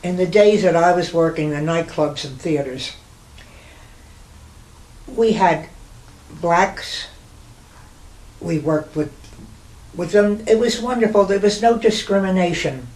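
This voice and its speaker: A woman in her nineties from New York, reminiscing slowly in a rambling conversation with pauses and restarts. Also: lowish voice, a little mellow. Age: 90s. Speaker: interviewee, former nightclub performer. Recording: roomy, distant mic, air-conditioner hum.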